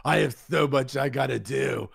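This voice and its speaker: Cranky old lady neighbor, gravelly and snippy, as a man puts her on. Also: medium pitch, normal speed, dry recording, clean studio sound. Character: grumpy old woman neighbor, cranky and rude.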